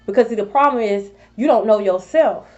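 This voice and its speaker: A woman's voice: medium pitch, brisk, dark tone, highs cut off. A woman tarot reader scolding her rivals in a sassy, profane vlog monologue. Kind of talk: confrontational spiritual vlog monologue.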